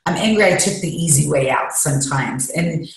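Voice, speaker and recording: A woman's voice: sits low, moderate pace, vocal fry. A woman guest talking candidly and emotionally, rambling as she shares her feelings in an interview. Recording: echoey room.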